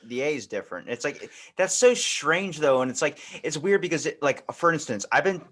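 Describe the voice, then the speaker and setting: A man with a Baltimore accent chats as a podcast guest, telling anecdotes and putting on voices for the people he quotes. His pitch sits a little above the usual for a man. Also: lively intonation, brisk, fairly bright tone. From near Baltimore, USA. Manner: chatty, acts out quotes in funny voices. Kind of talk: casual chat.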